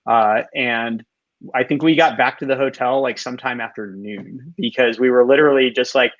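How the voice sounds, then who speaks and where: A man's voice: medium pitch, normal speed, lo-fi sound. A man telling a rambling, laugh-filled story in casual chat.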